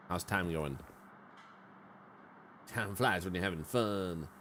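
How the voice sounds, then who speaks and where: A man's voice: sits low, big pitch swings, unhurried, pauses often, fairly bright tone, slight background noise. A man streaming a game, rambling and joking with sarcastic asides. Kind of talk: game commentary.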